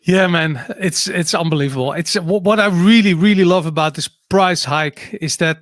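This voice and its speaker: A man, a podcaster guesting on a panel, animated and laughing between words. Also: fairly high pitch, normal speed, dry recording, clean studio sound. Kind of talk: casual panel chat.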